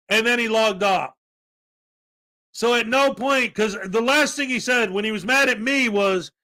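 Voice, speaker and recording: A man's voice: high-pitched, moderate pace, pushed and bright. Rambling male podcast host. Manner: rambling storyteller, laughs, acts out quotes. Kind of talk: casual commentary.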